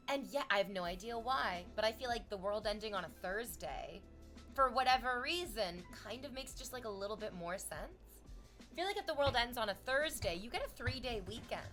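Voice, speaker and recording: A woman streaming, reading chat aloud and chatting casually in an animated, exclamatory way that drifts into tangents. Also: mid-range voice, brisk, soft background music.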